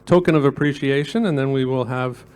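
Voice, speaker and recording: A man's voice: medium pitch, brisk, a little mellow. A man moderating an event, politely calling guests onto the stage and making announcements. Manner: polite, inviting people on stage.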